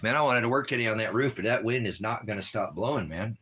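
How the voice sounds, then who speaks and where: A man vlogging in casual chat, rambling and repeating himself with halting restarts. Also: on the low side, sharp tone, slight background noise.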